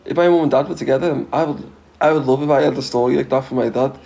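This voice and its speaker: With a gravelly, warm, medium-pitched voice and a quick pace, this livestreamer from Liverpool reads out viewer comments in a Scouse accent. His casual chat is blunt, heavy on swearing and broken up by frequent chuckles.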